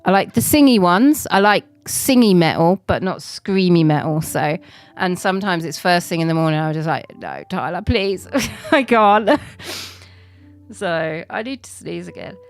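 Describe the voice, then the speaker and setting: A chatty woman, talking casually to her stream chat in a slightly low voice. She rambles from one thought to the next and laughs often, with faint music playing softly behind her. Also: lively intonation, moderate pace. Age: 40s.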